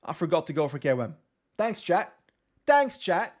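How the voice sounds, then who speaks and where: A man's voice: fairly high pitch, lively intonation, brisk, a little mellow. A young man from West Flanders with a Flemish accent, giving casual live commentary on a cycling game and answering his chat. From West Flanders, Belgium. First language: Dutch (West Flemish). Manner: chatty, reads chat aloud and answers. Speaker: streamer.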